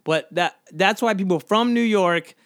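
Rambling man with a higher, dry voice. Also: unhurried, fairly bright tone, clear, resonant tone, no room sound. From American South. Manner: rambling, self-questioning, lots of fillers. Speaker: podcast host. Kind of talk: casual solo monologue.

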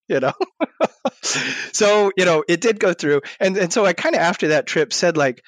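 Animated man telling a story. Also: high voice, normal speed, no room sound. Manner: animated storyteller, acts out his own past words. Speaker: guest. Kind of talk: storytelling in a podcast interview.

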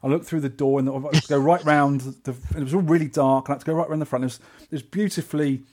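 A man with a London accent, co-hosting a podcast and telling a trip story in casual chat, animated and acting out the people he met. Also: a little high, fast talker. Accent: English, London. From England. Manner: animated, acts out quoted voices. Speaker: podcast co-host.

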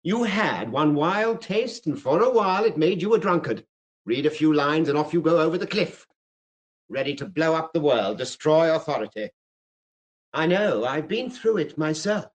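A man's voice: on the high side, lively intonation, normal speed, close to an everyday voice, low-quality recording. A man playing a silky, taunting fire captain. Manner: smooth, taunting, theatrical. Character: silky, mocking male fire captain who loves quotations. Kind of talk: vintage radio drama acting.

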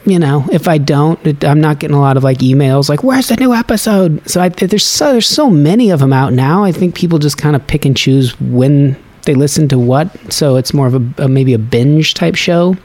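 A man's voice: fairly high pitch, moderate pace, hardly any pauses, darkish tone. Rambling man comic in casual chat. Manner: rambling, thoughtful, with many restarts. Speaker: stand-up comedian and podcaster.

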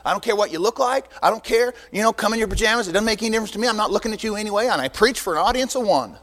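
Older male pastor, high-pitched, animated teaching sermon in a reverberant hall. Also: very fast. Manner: animated, joking asides to the congregation. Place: church sanctuary. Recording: long reverb in a church hall.

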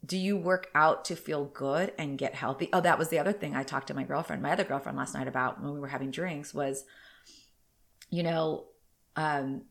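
Her voice is deep and creaky. She's a woman in her thirties doing a casual solo podcast, rambling openly and sounding a bit stuffed up.

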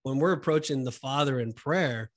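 Male co-host, earnest Bible discussion, mid-range voice, halting delivery with fillers. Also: medium pitch. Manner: earnest, preachy, with many fillers and restarts. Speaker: podcast co-host.

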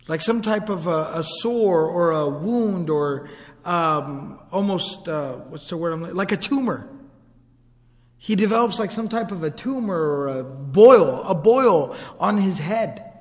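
A male teacher retelling a historical story in a casual, vivid, conversational way, with asides to his listeners. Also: high voice. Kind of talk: storytelling lesson. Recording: long hall reverb.

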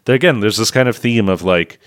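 A man's voice: on the low side, a little fast, dry recording, studio quality. Sarcastic man recapping a movie. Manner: sarcastic, animated storytelling. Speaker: podcast co-host. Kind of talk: casual movie review chat.

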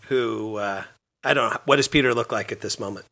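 A man playing a tabletop game, speaking in a hesitant, halting way. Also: lowish voice, vocal fry, sharp tone. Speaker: player. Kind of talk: casual game chat.

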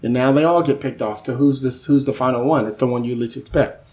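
A man who works as a screenwriter, talking casually as a podcast guest and telling animated stories about his work. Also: medium pitch, fast. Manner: lively storyteller who acts out quoted voices; keeps asking "you know what I mean?".

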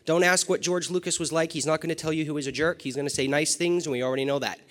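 A man moderating a fan panel, joking with the crowd and hyping it up with direct, energetic talk. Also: fairly high pitch, quick pace. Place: large half-full stadium. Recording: long reverb of a big arena.

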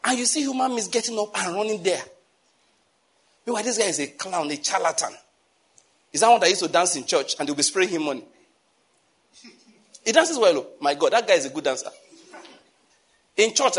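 A man with a Nigerian accent preaching a storytelling sermon, animated, with pidgin phrases mixed in. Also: high-pitched, a little fast, pauses often, husky. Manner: animated, laughing asides, mixes in pidgin.

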